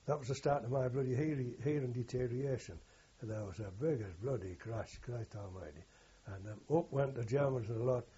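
A veteran of the war, now an older man, spins a long, rough, rambling tale and keeps stopping to set the record straight. The dark, very husky mid-range voice runs fairly quick with few pauses, recorded dull and lo-fi.

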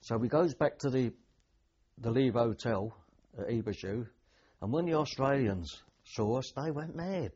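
A man's voice: mid-range voice, lively intonation, a little slow, a little mellow, slightly rough, lo-fi sound. An older man, a veteran telling rambling anecdotes with dry humour in an oral history interview.

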